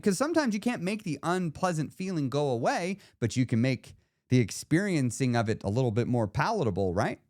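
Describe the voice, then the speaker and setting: A man's voice: medium pitch, a little mellow, no echo, clean studio sound. A man in his forties hosting a solo podcast as a weight-loss coach, explaining ideas to the listener in a conversational way.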